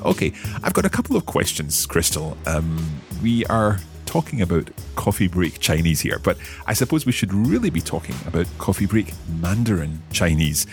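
Male podcast host, low husky voice, lively curious questions, dry studio sound. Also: music in the background. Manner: curious, repeats phrases slowly to practise. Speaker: language lesson host and learner. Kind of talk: podcast language lesson.

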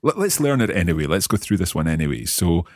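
Low husky-voiced male lesson host. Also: big pitch swings, no room sound, clean studio sound. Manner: curious, repeats phrases slowly to practise. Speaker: language lesson host and learner. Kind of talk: podcast language lesson.

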